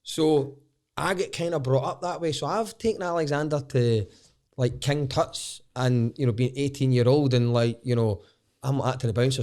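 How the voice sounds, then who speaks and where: A man's voice: medium pitch, normal speed, darkish tone. A man with a Glaswegian accent, a stand-up comedian guesting on a podcast and telling his story candidly, rambling and restarting sentences and swearing casually. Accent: Scottish, Glaswegian.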